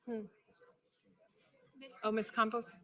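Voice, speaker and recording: A woman chairing a school board meeting, calling speakers up in a brisk, businesslike way. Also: fairly high pitch, monotone, bright, forceful tone. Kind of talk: formal meeting procedure.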